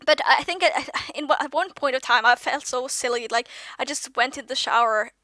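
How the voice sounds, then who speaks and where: A woman's voice: sits high, normal speed, pushed and bright, no echo. A young woman from Norway, speaking English with a mixed British-leaning accent, rambling through a casual confessional vlog and often correcting herself. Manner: rambling, self-correcting, drifts off topic. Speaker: vlogger.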